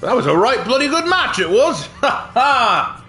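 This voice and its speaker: A man streams a game while hamming up a put-on British accent and chuckling at his own jokes. His voice sits high and swoops widely between phrases. The sound is bright, with faint game music behind him. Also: very animated, unhurried. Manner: chuckles often, jokey tags. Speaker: gaming streamer. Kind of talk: casual gameplay commentary.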